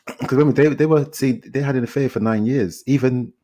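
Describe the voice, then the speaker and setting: A man with a London accent on a film podcast, retelling a documentary's story in a casual, animated way and acting out people's lines. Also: medium pitch, a little fast. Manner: animated retelling, quotes people in character, repeats himself. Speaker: podcast co-host reviewing films. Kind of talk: casual chat.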